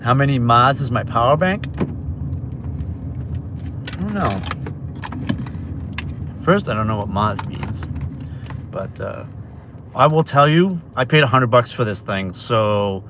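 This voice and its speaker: A man from New York chatting casually with viewers on a livestream while he drives deliveries in his car, with road noise behind him. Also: mid-range voice. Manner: chatty, talks to viewers while reading orders aloud. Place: inside a car on city streets. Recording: phone mic with road noise. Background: car and traffic noise.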